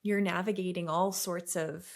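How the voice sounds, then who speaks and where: A woman's voice: lowish voice, fairly even intonation, moderate pace, vocal fry. A middle-aged woman hosting a podcast, talking earnestly and reflectively, sometimes dropping to a near-whisper for emphasis and laughing easily. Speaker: podcast host and academy leader.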